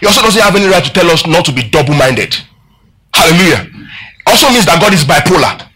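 A man's voice: a little high, very animated, fast talker, sharp tone, husky, rough recording. A man preaching a sermon to a congregation, asking them questions and having them repeat lines after him. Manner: preaching with call-and-response and rhetorical questions. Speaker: pastor.

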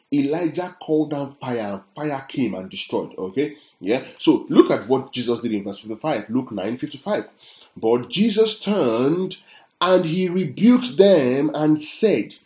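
Male preacher, mellow tone, slow scripture reading, roomy echo. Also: on the high side. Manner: rhetorical questions to the congregation; reads scripture aloud slowly. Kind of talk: sermon.

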